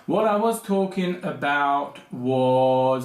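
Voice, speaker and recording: Animated high-voiced man ranting. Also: moderate pace, roomy sound. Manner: digressive, animated ranting with frequent asides. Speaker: film commentary video host. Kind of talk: casual spoken commentary.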